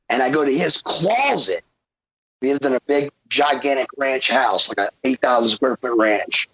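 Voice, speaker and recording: A man spins a long, cursing story as a podcast guest, throwing himself into the voices of everyone in it. His voice is husky and a little breathy, and it sounds dry and close to the mic. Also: medium pitch, no room sound, poor audio. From Georgia, USA. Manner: animated, swearing, acts out quotes. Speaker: podcast guest, former pro wrestler. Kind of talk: profane storytelling.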